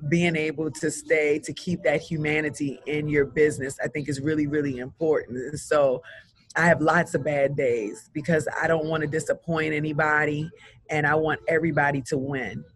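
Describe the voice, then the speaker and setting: A man's voice: a little high, level tone, normal speed, a bit bright, dry recording. A man, a business coach, telling an earnest, heartfelt story in a casual interview. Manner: earnest, heartfelt, rambling with restarts.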